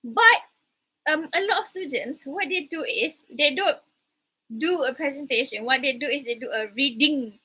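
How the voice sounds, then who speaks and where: A woman's voice: high-pitched, normal speed, bright, forceful tone, poor audio. A woman with a Malaysian accent giving an online class lecture, slipping Malay words into her English and repeating the key rules firmly. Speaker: university lecturer.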